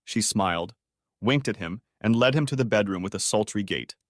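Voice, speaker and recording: A man narrating a story audiobook in a steady, even storytelling manner. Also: lowish voice, moderate pace, no room sound, studio quality.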